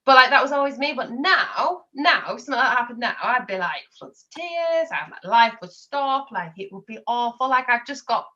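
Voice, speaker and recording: Bright-voiced young woman. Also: a little high, animated, brisk, few pauses, dull audio. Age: 20s. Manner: open and chatty, telling personal stories. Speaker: podcast guest. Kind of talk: casual chat.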